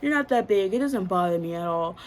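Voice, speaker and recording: A pushy young man, manipulative and insistent, speaking low and quiet, as a woman imitates him while telling her story. He presses the same demands again and again in a soft tone. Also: expressive, fairly quick, slight background noise, lightly acted. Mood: coaxing.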